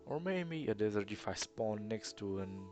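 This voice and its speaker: A man's voice: on the low side, lively intonation, moderate pace, music in the background. A young man with an Eastern European accent, rambling through casual gameplay commentary in a hesitant, self-deprecating way. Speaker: let's player.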